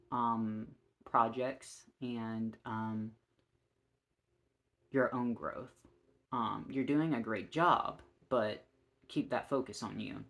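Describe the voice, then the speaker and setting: A tarot reader giving a casual reading to camera, speaking slowly and gently with many ums, encouraging and easily moved to laughter. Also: mid-range voice, vocal fry. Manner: slow and gentle with frequent ums, warmly encouraging; gushing and easily emotional, often laughing.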